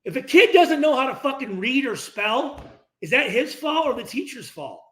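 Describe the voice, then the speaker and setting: A man in his middle years talks straight and profanely about accountability, acting out locker-room exchanges in quick voices. His voice sits high for a man and leaps around constantly, full of energy. The room around him rings with a clear echo. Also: very animated, bright, forceful tone. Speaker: former football player hosting a post-game reaction stream. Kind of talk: casual, profane livestream rant.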